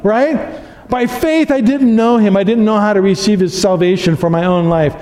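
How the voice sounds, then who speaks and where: A pastor preaching a sermon, telling stories earnestly and building to emphatic peaks. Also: male voice, high voice, moderate pace, a little mellow. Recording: long reverb of a large hall.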